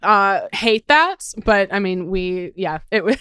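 A woman hosts a relaxed podcast conversation with a smooth, clear voice recorded close and dry. She rambles through stories, laughs often and drops the odd curse word. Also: medium pitch, a little slow, dry recording. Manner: chatty, laughs often, swears casually. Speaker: podcast host. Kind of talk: casual chat.

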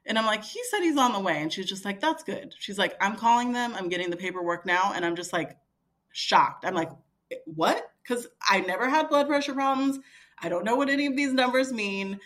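A woman in her thirties with a mid-range voice and a fairly quick pace tells a story casually as a podcast guest. She's animated, acting out what others said in dialogue and using frequent fillers.

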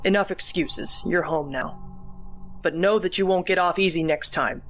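A woman voicing a gruff, mean old grandpa. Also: on the low side, normal speed, fairly bright tone, slight background noise, lightly acted. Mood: grumbling. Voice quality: gruff, grumbling.

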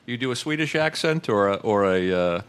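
A man interviewing a guest, asking casual, halting questions. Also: lowish voice, expressive, clear, resonant tone. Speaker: podcast interviewer.

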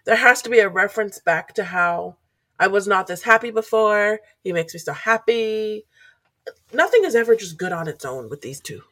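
A woman's voice: mid-range voice, lively intonation, moderate pace, a bit bright, no room sound. A woman co-hosting a podcast, making wry remarks in casual chat. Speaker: podcast co-host.

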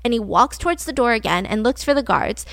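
A woman's voice: a little high, expressive, fast talker, fairly bright tone, no room sound. A woman co-hosting a podcast, telling a true-crime story casually, filler-heavy and acting out the quotes. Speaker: podcast co-host.

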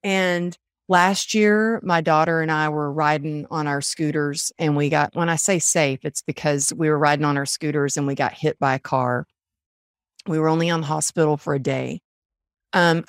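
A middle-aged Texan woman, an author and coach appearing as a podcast guest, tells stories in a relaxed interview and acts out what people said. Her low-sitting voice is clear and resonant, recorded in studio quality with no echo.

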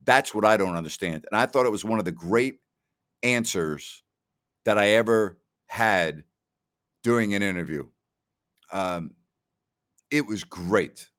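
A middle-aged New York man hosts a casual talk show, chatting with stream listeners and telling stories in which he often repeats words and quotes people. His voice is lowish and fairly bright, delivered at a measured pace with long pauses.

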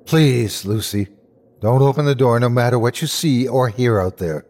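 A man's voice: medium pitch, moderate pace, darkish tone, natural voice. A man voicing the frightened first-person hero of a horror story, speaking urgently and breathlessly.

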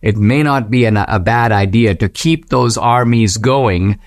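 A man hosting a commentary podcast, speaking in a measured, reflective way, with slow emphatic phrases and quotes read aloud. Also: dry recording, clean studio sound. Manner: mimics a Western voice when reading quotes, rising high. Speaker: podcast host. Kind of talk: commentary reading quoted passages.

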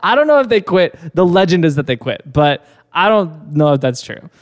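A man's voice: on the high side, sing-song, moderate pace. Rambling casual man, reverby room. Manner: rambling storyteller with fillers and laughs. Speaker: podcast co-host telling a business story. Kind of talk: casual chat.

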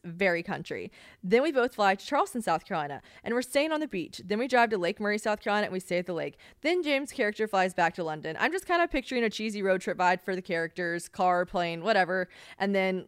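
A woman's voice: mid-range voice, no room sound, studio quality. A young woman hosting a podcast, chatting casually and venting in an exasperated way, swearing freely and saying "like" constantly. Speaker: podcast host. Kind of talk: casual solo chat.

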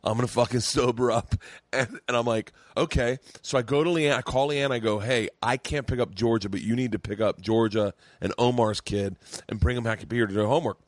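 Relaxed male podcast host, mid-pitched voice, dry close mic. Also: a little fast, no room sound. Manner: laid-back, chatty, swears freely. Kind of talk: casual chat.

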